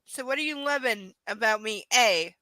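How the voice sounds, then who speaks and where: A bright, high-pitched woman with an Ontario Canadian accent hosts a live reading, breaking off into casual, teasing chat. She swears freely and jokes with her viewers. The mic is close and dry, with no room sound. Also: moderate pace, no room sound. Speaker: livestream host reading a novel aloud.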